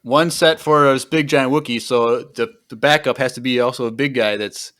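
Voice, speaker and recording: A podcast host retells a book in casual, rambling chat, full of fillers and trailing off at the ends of his thoughts. His mid-range voice is fairly bright, with fairly even intonation and a normal pace.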